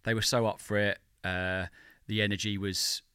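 A young British man, a drummer and teacher, co-hosting a podcast in casual, rambling chat with quick bursts of speech. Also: lowish voice, little pitch movement, pushed and bright, clean tone, no room sound, studio quality. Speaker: podcast co-host, drummer and educator.

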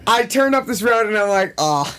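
A woman's voice: medium pitch, normal speed, slight background noise. Laughing young woman telling a story. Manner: animated storytelling, swearing, laughing often. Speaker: podcast guest. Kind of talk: casual chat.

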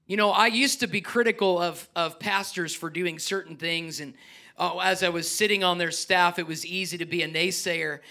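A middle-aged man preaching a sermon as pastor, animated, climbing to near-shouts and then dropping to soft, quiet asides. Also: high-pitched, moderate pace, gravelly.

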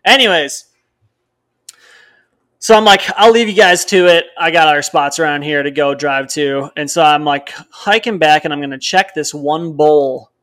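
A young man from Wisconsin, co-hosting a podcast, rambling through a hunting story and acting out what others said. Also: fairly high pitch. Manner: rambling storyteller, animated, quotes others in dialogue. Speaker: podcast co-host.

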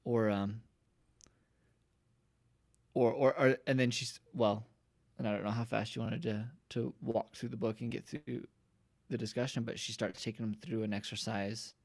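Gravelly-voiced man telling loose anecdotes. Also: on the low side, fairly even intonation, normal speed. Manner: laid-back, loose anecdotal storytelling. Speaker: podcast guest. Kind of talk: casual chat.

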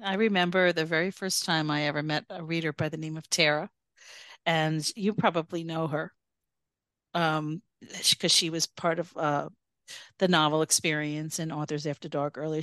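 A woman's voice: deep voice, fairly even intonation, moderate pace, a bit bright, no echo, studio quality. A woman hosting a podcast, an author talking casually with many restarts and self-corrections. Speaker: podcast host. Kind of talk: casual chat.

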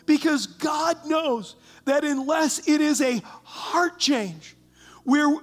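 A pastor preaching a sermon, reading scripture aloud and asking the congregation questions in an animated way. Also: male voice, extremely high pitch, slow pace, faint music behind. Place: church sanctuary.

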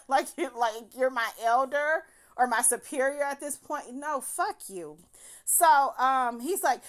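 A woman tells a personal story in a lively, swooping voice that sits a bit high. She swears freely and laughs through her words, animated and unfiltered. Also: moderate pace.

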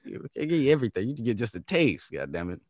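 A man's voice: mid-range voice, big pitch swings, very fast, darkish tone, no echo. A man chatting casually as a co-host, laid-back and joking in slang. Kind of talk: casual chat.

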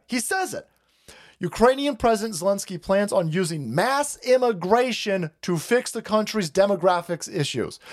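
A male stream host rants in a profane, repetitive rush, breaking into laughter at his own lines. His voice sits a bit high and swings widely in pitch. He sounds animated throughout. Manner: swearing, ranting, repeating phrases, laughing to himself. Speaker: livestream host. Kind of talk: profane political rant.

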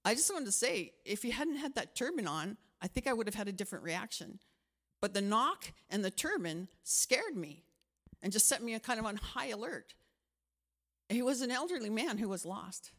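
A middle-aged woman pastor gives a conversational sermon at a moderate pace, her voice medium-pitched. She tells a personal story with animation, acting out the voices in it.

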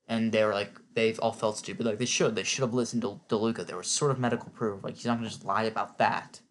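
A man's voice: on the low side, fairly even intonation, fast, few pauses, slight background noise. A man giving a casual, opinionated spoken recap, chatty and filling his talk with "like". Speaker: TV recap vlogger.

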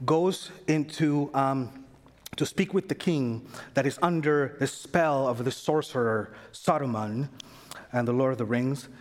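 A man preaching a sermon in a casual, animated way, acting out the voices of figures in the story. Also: mid-range voice. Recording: long hall reverb.

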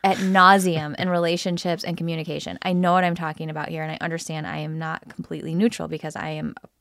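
Woman, podcast co-host, frank, emphatic, lower voice, dry close sound. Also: little pitch movement, quick pace, gravelly, a bit bright, no room sound. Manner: emphatic, frank, repeats phrases for stress. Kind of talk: candid couple conversation.

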